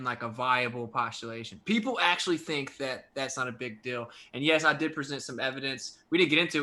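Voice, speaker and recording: A man in an online debate, answering questions in a loose, casual way. His voice is bright and a little sharp. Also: medium pitch.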